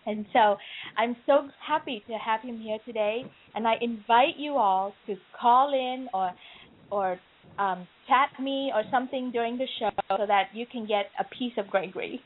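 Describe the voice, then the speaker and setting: A woman's voice: a little high, moderate pace. A woman hosting a talk show, gushing and effusive, laughing often as she chats. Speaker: podcast host. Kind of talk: casual chat. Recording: tinny phone-like call audio.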